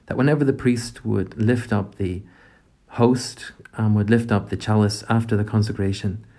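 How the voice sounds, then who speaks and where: A man leading a gentle, reflective prayer meditation, speaking directly to God. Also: fairly low pitch, steady tone, normal speed.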